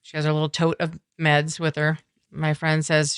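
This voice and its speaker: A middle-aged woman talking earnestly as a podcast guest, telling a personal story in halting, reflective sentences. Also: sits low, monotone, clean tone, no echo, studio quality. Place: coffeehouse.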